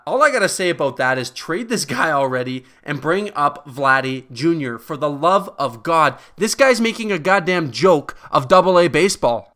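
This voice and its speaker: A man tearing through a baseball stats recap in a heated, profane rant. His voice sits a bit high and comes across forceful and tense. He sounds exasperated as he runs through the numbers. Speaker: guest sports commentator.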